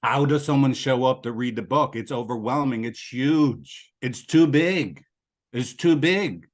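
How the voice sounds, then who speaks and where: A man hosting a conversation show, calmly explaining a guest's story back to him in a reflective, counseling way. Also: mid-range voice, unhurried. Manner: calm, explanatory, often checking with "right?". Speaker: host, counselor.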